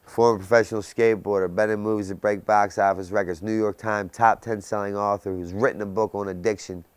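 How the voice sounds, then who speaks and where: A man in his thirties giving an intense personal testimony about his recovery, with sudden dramatic drops to a quiet voice. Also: fairly low pitch, fairly even intonation, brisk, clean tone, dry recording. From Baltimore area, US. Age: 30s. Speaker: recovery speaker.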